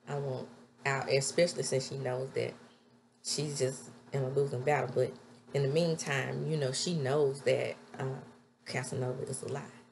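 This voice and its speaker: A woman recapping a TV episode in a casual, chatty way, with sudden loud high exclamations. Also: little pitch movement, moderate pace, creaky, soft background music. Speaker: TV episode reviewer.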